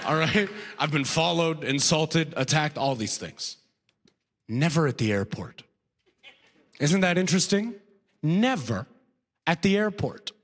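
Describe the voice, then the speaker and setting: A man's voice: on the high side, a bit bright, in a large hall. A man from Sudan doing a conversational stand-up set on a comedy club stage, checking in with the crowd as he goes.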